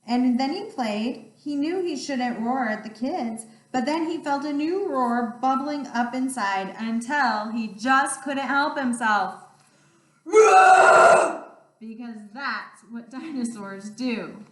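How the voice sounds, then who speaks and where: A woman teacher reading picture books aloud, expressive and playful, with roars. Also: a little high, slow pace, few pauses, slight background noise. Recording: roomy sound, distant mic.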